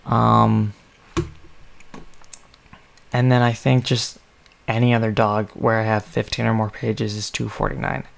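Slow, gravelly-voiced man musing aloud. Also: on the low side, level tone, a little hiss or hum. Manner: rambling, thinking aloud with many ums. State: sleepy, yawning. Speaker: podcast host. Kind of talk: casual solo podcast talk.

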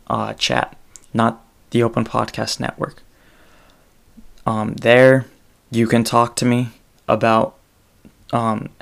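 A man talks through his solo podcast at an unhurried pace, his voice carrying a steady gravelly fry. He rambles casually and stops to correct himself, keeping a fairly flat, level tone throughout. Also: mid-range voice. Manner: meandering, self-correcting delivery.

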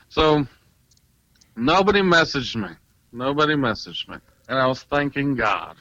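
A man, a paranormal investigator and tattoo artist, animated and excitable, telling a story in casual chat with lots of fillers. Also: mid-range voice, measured pace, no room sound, dull audio.

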